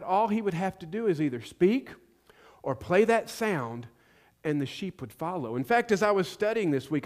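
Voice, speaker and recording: A man's voice: a little high, a little mellow. A man preaching a sermon as pastor, telling stories conversationally with light jokes. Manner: storytelling, conversational with self-deprecating jokes. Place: church sanctuary.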